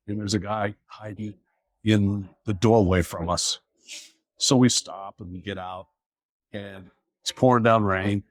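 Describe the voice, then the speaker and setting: A man with a somewhat low voice tells a police story in a relaxed, wry way. He livens up when he quotes the people in it. The sound is dry and close, with no room echo. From Seattle area. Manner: wry, animated when quoting others. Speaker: police officer telling a story. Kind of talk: casual storytelling.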